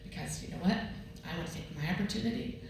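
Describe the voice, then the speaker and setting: A woman's voice: fairly low pitch, fast talker, gravelly. Woman speaker in an echoey hall. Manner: chatty storytelling with laughs. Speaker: retreat speaker. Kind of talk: devotional talk at a women's retreat. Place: large room at a ladies' retreat. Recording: very echoey, distant, noisy room recording.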